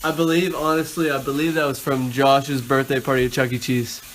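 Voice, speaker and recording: A man's voice: mid-range voice, level tone, brisk, fairly bright tone, slight background noise, low-quality recording. A man hosting a casual chat, upbeat and playful with his co-host.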